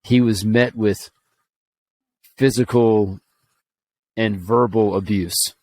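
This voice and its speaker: A man's voice: on the low side, steady tone, takes it slowly, a little mellow. A man from Alabama telling a personal story on a podcast, earnest and rambling, with fillers and restarts. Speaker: podcast co-host.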